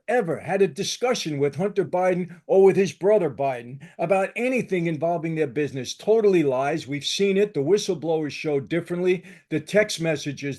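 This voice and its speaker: A man's voice: fairly high pitch, a little mellow. An older man hosting his own channel, delivering an emphatic, combative political commentary with lots of repetition. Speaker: channel host.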